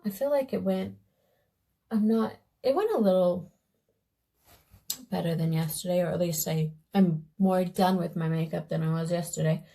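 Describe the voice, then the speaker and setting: A woman's voice: on the low side, moderate pace, vocal fry, pauses often, mellow, low-quality recording. A young woman vlogger telling a fairy tale in a casual, meandering way while doing her makeup. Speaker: beauty vlogger.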